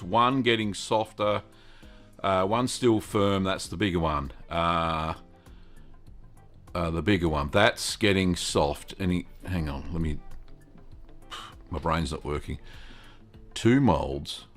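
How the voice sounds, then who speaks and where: A man's voice: sits low, fairly bright tone. A middle-aged Australian man hosting a live cheese-making question stream, chatting casually, greeting viewers by name and thinking aloud with lots of ums.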